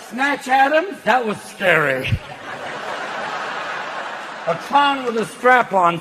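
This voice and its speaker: A man performing manic, rapid-fire stand-up comedy. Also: extremely high pitch, sing-song, a loud crowd. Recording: noisy live stand-up venue.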